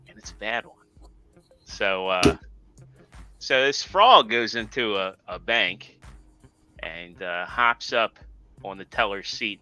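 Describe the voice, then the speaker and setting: A man's voice: fairly low pitch, pushed and bright. A man co-hosting a live podcast, chatting casually and telling a long joke with plenty of fillers. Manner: rambling, halting joke-telling with many fillers. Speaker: podcast co-host. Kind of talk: casual live-stream chat.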